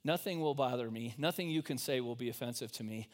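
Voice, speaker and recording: A pastor putting on the voice of an elderly nun who stays calm and gently calls others "my son," told as a joke during a sermon. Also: male voice, mid-range voice, fast, close to an everyday voice. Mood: calm, soothing. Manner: mock-gentle, fatherly "my son" address. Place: church.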